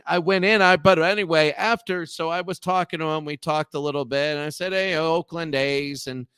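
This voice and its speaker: A man from Appalachia hosting a show, telling rambling, profane stories and loudly acting out the people he quotes. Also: a little high, clean tone, dry recording, clean studio sound. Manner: digressive, profane, acts out quoted voices loudly. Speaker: show host. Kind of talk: rambling storytelling.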